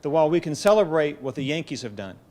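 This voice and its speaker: A middle-aged man delivers a keynote at a college gathering, his voice sitting a little higher than most men's. He speaks in a measured, storytelling manner, letting gentle humor slip in. He is heard through a podium microphone in an event hall. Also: very animated. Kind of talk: formal speech at a podium.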